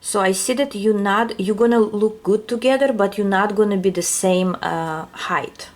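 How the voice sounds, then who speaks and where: A woman's voice: medium pitch, normal speed, darkish tone. A woman with a non-native English accent gives a casual tarot reading, musing aloud and searching for words. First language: not English. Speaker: tarot reader.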